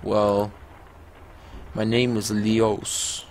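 A man voicing a kindly, wistful male innkeeper, reading the game dialogue slowly in his own voice. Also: on the low side, flat delivery, slight background noise.

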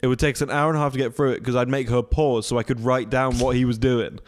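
A young man, co-hosting a podcast, telling childhood stories in a lively, laughing way. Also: medium pitch, fast talker. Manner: animated storytelling with frequent laughter. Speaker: podcast co-host. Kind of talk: casual chat.

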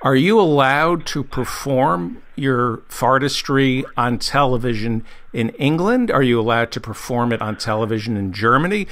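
A man hosting an interview, asking quick questions and laughing easily at his guest. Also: mid-range voice, lively intonation, fairly bright tone. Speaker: host, interviewer. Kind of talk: casual interview chat.

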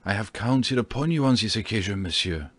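A man's voice: lowish voice, lively intonation, a bit bright, no echo. A man reading a timid, fawning landlord. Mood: nervous. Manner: slow, hesitant speech with fillers. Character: timid middle-aged male landlord, fearful, fawning.

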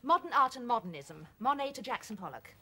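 A wry, patient wife. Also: female voice, fairly high pitch, sing-song, fairly quick, bright, forceful tone, full character voice. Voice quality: dry, wry manner. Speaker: sitcom wife. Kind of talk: 1980s sitcom acting.

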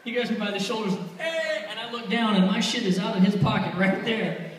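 An American man from Texas hosting a live dating-advice show, telling stories in an animated, playful and profane way. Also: high-pitched, fast. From Texas, USA. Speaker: host giving dating advice. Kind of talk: live comedic storytelling. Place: live venue in a large hall. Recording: echoey hall, mic far off.

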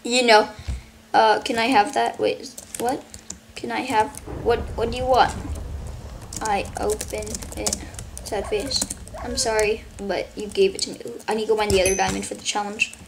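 A woman giving casual, rambling gameplay commentary full of "like", her voice a bit worn from yelling. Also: medium pitch, normal speed, vocal fry, background noise. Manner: rambling, fillers of "like", excitable. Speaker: gaming channel host.

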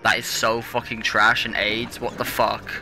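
A young let's play gamer narrates his own gameplay, ranting and cursing in frustration at the controls in exasperated outbursts. His lowish voice is level in tone, a little slow, bright and forceful, with faint music behind it.

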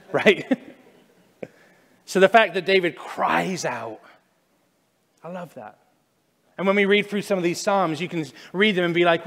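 A male pastor gives a sermon in a church, his voice sitting a little higher than most men's. He speaks in a relaxed, conversational way, acting out loud cries and then dropping to quiet, slow stresses. A long reverb trails his words through the room. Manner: conversational preaching, shifts from loud acted prayers to hushed, slow emphasis. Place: church sanctuary.

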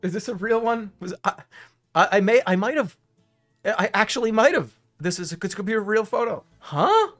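A male streamer chatting casually on a live stream, excitable and prone to sudden loud outbursts and laughter. His voice sits at a middle pitch but leaps up and down a great deal. He swears freely and talks in quick bursts. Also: faint music behind.

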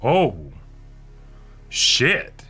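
Slow-talking, bright-voiced man reacting. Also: mid-range voice, wildly swooping pitch, faint music behind. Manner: brief agreeing replies and quick notes on the scene. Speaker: anime reaction co-host. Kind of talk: casual reaction commentary.

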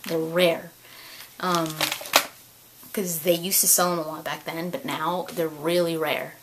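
Excitable twenty-something woman vlogging. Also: low voice, unhurried, slight background noise, rough recording. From California. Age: 20s. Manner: excitable storytelling, gushing, laughs often, repeats words. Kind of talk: casual chat to camera.

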